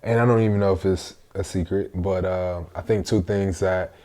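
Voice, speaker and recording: Deep-voiced man, earnest and reflective. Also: fairly even intonation, normal speed, mellow. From Florida. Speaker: actor guest. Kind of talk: casual interview chat.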